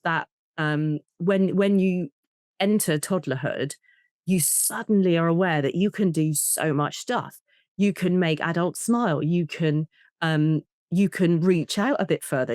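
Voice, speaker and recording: A woman, a therapist, talking in an interview, explaining with lively examples and acting out short bits of dialogue. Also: low voice, dry recording, studio quality. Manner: animated, acts out child and parent voices in examples. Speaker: attachment and trauma therapist, guest. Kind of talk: conversational interview.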